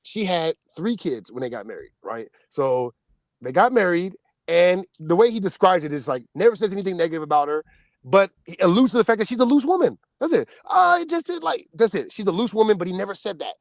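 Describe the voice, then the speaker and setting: Man, casual podcast chat, fairly high voice, dry close sound, animated storytelling, quick laughs. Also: dry recording. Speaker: podcast co-host.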